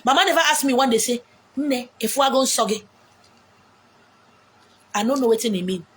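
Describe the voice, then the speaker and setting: A woman with a Nigerian accent delivering an animated, preaching monologue, acting out quotes with big swings in pitch and loudness. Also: moderate pace. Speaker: self-styled spiritual messenger. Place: beach, outdoors. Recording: faint background noise, outdoors.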